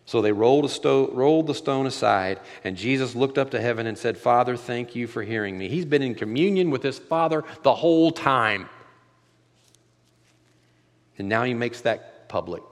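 A male pastor preaching a sermon, moving between hushed, quiet passages and loud, impassioned climaxes. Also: mid-range voice, moderate pace, big-room sound.

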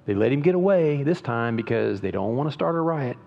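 A man's voice: mid-range voice, lively intonation, fairly quick, vocal fry. Pastor, male, conversational sermon delivery that climbs to emphasis; long church reverb. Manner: conversational preaching with emphatic rises and frequent restarts. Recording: dull lo-fi sound with long hall reverb.

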